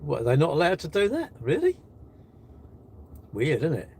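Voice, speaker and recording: An older man hosts a casual livestream, reading chat messages and teasing viewers with cocky banter. His fairly high voice swoops wildly in pitch at normal speed, with a darkish tone and a little hiss or hum.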